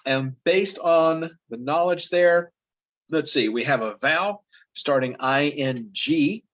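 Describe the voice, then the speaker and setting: A man casually talking through a spelling lesson, relaxed and halting, with many fillers and restarts. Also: fairly high pitch, rough recording. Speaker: teacher going through a lesson video. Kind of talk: casual spoken commentary.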